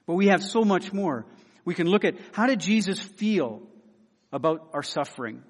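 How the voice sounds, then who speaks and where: An earnest man delivering a sermon, his voice sitting a touch high for a man. He leans on repeated phrases for emphasis and sinks into hushed, pleading tones. A long reverb trails each phrase. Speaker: preacher.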